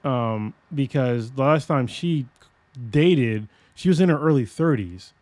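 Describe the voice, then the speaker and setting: A man's voice: mid-range voice, a little slow, no echo. Rambling, profane man in his forties. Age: 40s. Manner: rambling, profane and animated, with many restarts. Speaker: podcast host. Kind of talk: casual chat.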